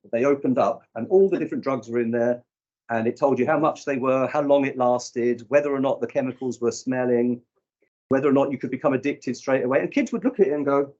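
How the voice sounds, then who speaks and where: A man's voice: mid-range voice, dull audio. A man in his fifties speaking at a conference session, telling stories and acting out what people said. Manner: animated storyteller acting out quoted people. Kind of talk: live breakout session talk. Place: conference room.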